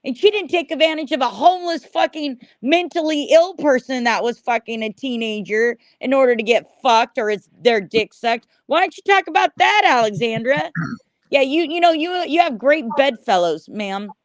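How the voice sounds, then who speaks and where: A woman's voice: high-pitched, moderate pace, hardly any pauses, dry recording. A middle-aged woman hosting a livestream, ranting at her chat in an angry, profane, repetitive way. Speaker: livestream host.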